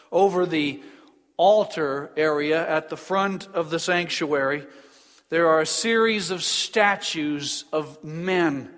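Earnest high-voiced preacher in a reverberant hall. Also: male voice, a bit bright. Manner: earnest, emphatic, slows down for key phrases. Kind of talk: sermon. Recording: long reverb of a large hall.

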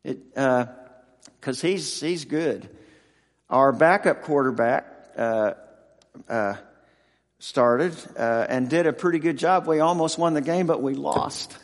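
A man in his sixties preaches, telling a story in a halting, emotional way and often breaking off to start again. His voice sits a little high for a man. A long reverb trails after his words, as in a large hall. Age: 60s. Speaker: pastor and football team chaplain. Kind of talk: sermon.

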